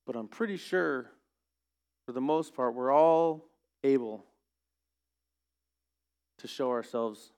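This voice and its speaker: Male pastor, mid pitch, earnest sermon delivery, pushes into emphatic rhetorical questions. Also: slow, pauses often, darkish tone, clean tone.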